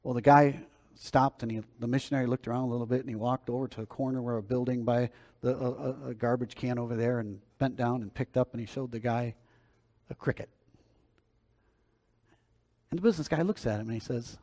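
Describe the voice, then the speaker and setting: A pastor preaching a sermon and praying, earnest, shifting between swelling phrases and quiet ones. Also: male voice, medium pitch, moderate pace. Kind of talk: sermon and prayer.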